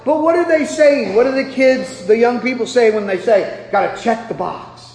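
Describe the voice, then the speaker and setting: A pastor from Nebraska preaching a sermon, telling self-deprecating stories and breaking into loud bursts. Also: male voice, very high voice, animated, normal speed. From Nebraska, USA. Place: large church hall. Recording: echoey hall with long reverb.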